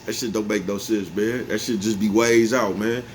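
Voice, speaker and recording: In a steady, lowish voice at normal speed, a vlogger in his forties rambles casually to his viewers. He's laid-back, chuckles a lot, and often asks if they follow him, saying "you know what I'm talking about." Faint background noise is present.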